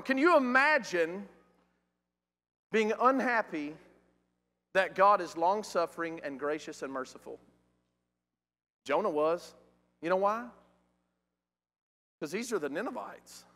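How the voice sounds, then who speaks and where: High bright-voiced preacher in a reverberant hall. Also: male voice, moderate pace. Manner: animated, rhetorical questions, rising emphasis. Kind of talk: sermon. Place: church auditorium.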